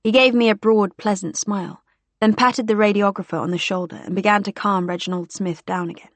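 A woman narrating a novel in a measured, even reading voice. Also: mid-range voice, no room sound. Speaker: audiobook narrator. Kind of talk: scripted narration.

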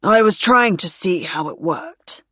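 A woman voicing a formal, diffident male Victorian naval officer who speaks with courteous, halting, old-fashioned phrasing. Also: sits high, lively intonation, fairly bright tone, slightly rough, dry recording, heavily acted.

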